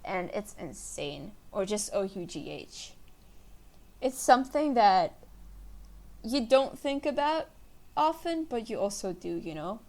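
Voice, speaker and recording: A woman's voice: mid-range voice, very animated, takes it slowly, darkish tone. A young woman hosting her own podcast, chatting casually and rambling in a self-deprecating way. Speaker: podcast host. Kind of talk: casual solo podcast chat.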